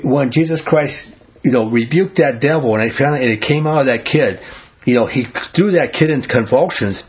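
Husky man leading a Bible study. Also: mid-range voice. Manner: earnest, asks the group questions. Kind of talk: conversational Bible teaching. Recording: dull lo-fi recording.

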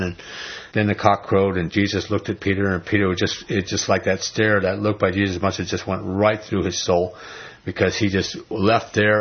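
Husky blunt preacher man. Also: on the low side, steady tone, moderate pace, dull audio. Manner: blunt, emphatic preaching with casual slang. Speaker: pastor. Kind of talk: sermon.

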